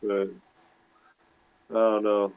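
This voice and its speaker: A man's voice: on the low side, monotone, very slow, smooth. A man chatting casually as a livestream guest, rambling and hesitant, with many fillers. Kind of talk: casual chat. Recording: dull lo-fi call audio.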